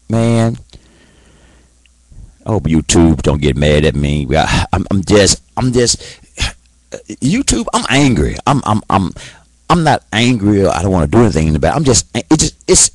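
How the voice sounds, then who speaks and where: A deep-voiced man hosts his own show and rants to his viewers. His pitch leaps wildly from low rumbles to high shouts, and he stammers and restarts as he goes. The sound is dry and close. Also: no echo, low-quality recording. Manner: angry, repetitive, stammering restarts, shouting peaks. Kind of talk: impassioned solo monologue.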